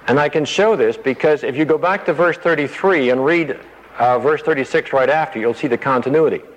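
A man's voice: on the high side, fairly quick. A man teaching verse by verse from the Bible, often acting out the disciples' words in a raised, pleading voice. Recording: dull radio broadcast with long reverb.

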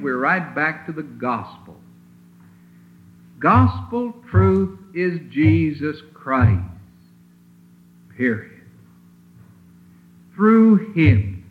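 A man preaching a sermon in an emphatic, deliberate way, leaning hard on single words, heard on a lo-fi old recording from a chapel. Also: fairly high pitch, sing-song. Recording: tinny lo-fi old sermon recording with faint hiss.

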